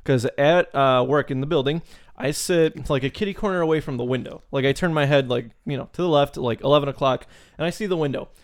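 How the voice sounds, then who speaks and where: A man's voice: medium pitch, fast. A man co-hosting a podcast, telling loose, profane stories with plenty of laughs in casual chat. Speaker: podcast co-host.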